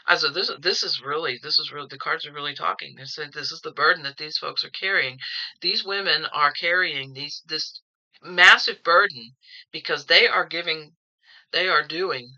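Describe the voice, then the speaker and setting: A woman talks through a tarot reading at home in a casual, opinionated way, circling back and repeating words as she goes. Her voice sits a bit low and comes across very sharp and forceful, with a dull, lo-fi sound. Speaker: tarot reader.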